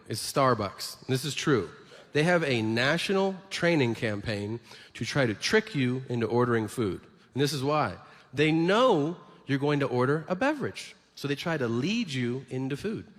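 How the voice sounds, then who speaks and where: A man doing a ranting stand-up bit, acting out voices of fast food workers. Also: medium pitch, very animated, a bit bright, big-room sound. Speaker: stand-up comedian. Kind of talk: stand-up comedy set.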